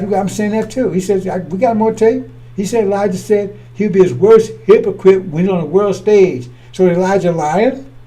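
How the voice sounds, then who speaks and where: A man's voice: sits high, warm tone. A man preaching in a blunt, scornful way, often repeating and restarting his words. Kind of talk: fiery preaching.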